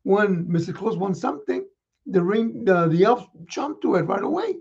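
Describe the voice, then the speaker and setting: A man playing Santa Claus, reading children's letters with a folksy chuckle and many pauses. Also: high voice, animated, creaky, darkish tone, husky, muffled recording. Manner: chuckling, folksy, halting with fillers.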